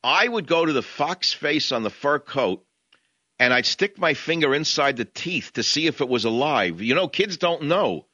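A man's voice: a little high, expressive, moderate pace, sharp tone, no echo, dull audio. A man from New York with a New York accent, hosting a talk radio show in an impassioned, combative way. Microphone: studio microphone, dry.

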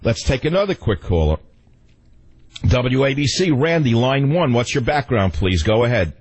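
Older New York talk radio host, husky voice, opinionated and rambling, jumps between rants and reminiscence. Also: male voice, medium pitch, big pitch swings, normal speed. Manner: rambling, opinionated, swings from ranting to wistful. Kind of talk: talk radio monologue and call-in.

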